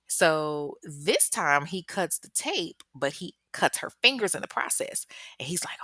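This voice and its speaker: Casting: low-voiced woman podcaster, profane, slangy, dry close mic. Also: animated, a little slow, bright, forceful tone, dry recording. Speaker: true crime podcast host. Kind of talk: casual true crime storytelling.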